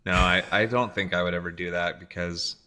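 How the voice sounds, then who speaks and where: A man co-hosting a casual podcast chat over a remote call, animated, sometimes acting out his dog in a squeaky voice. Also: fairly quick. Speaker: podcast co-host. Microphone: remote recording call.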